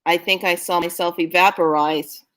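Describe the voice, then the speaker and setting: A woman's voice: on the low side, steady tone, moderate pace, fairly bright tone. A woman giving a casual spiritual talk, earnest and urging, who often laughs while telling stories. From California. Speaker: spiritual vlogger.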